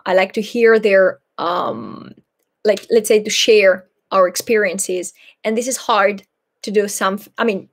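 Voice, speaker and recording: A young woman from Greece speaks English, taking her time over each answer. She hosts a live Q&A in a thoughtful, slightly shy way, pausing often on fillers and speaking at an unhurried, slow pace. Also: mid-range voice. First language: Greek. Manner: hesitant, thoughtful, a little shy, many fillers. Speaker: Greek teacher and channel host.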